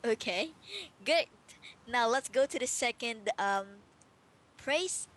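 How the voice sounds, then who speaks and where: A woman's voice: fairly high pitch, lively intonation, takes it slowly, a bit bright. A woman tutoring English one-on-one over a video call, patiently explaining phrases with many fillers.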